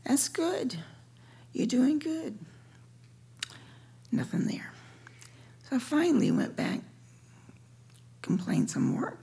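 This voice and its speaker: A woman's voice: high-pitched, very animated, takes it slowly, creaky, long pauses, dark tone. A woman sharing her story at a recovery meeting in a wry, joking way, sometimes dropping to a near whisper. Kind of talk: personal share at a recovery meeting. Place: meeting room.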